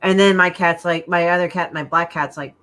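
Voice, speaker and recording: A woman's voice: lowish voice, fairly even intonation, a little fast, a bit bright. A slightly drunk woman chatting crudely on a livestream from home, swearing freely. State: a little drunk. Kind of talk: casual chat on a livestream.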